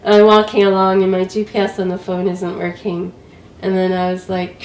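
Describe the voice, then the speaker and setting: A woman's voice: medium pitch, completely flat delivery, moderate pace, a little mellow, echoey room, distant mic, low-quality recording. A woman who is sick with a cold, telling a casual story about her travels as an interview guest, laughing often.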